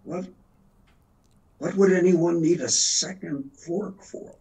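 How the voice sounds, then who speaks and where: A man's voice: sits high, slow, a little mellow, rough recording. A man in his eighties from the Philadelphia area, a veteran actor telling rambling stories as an interview guest. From Philadelphia area, USA. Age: 80s. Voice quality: gravelly, very raspy. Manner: rambling anecdotal storyteller. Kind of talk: casual storytelling interview.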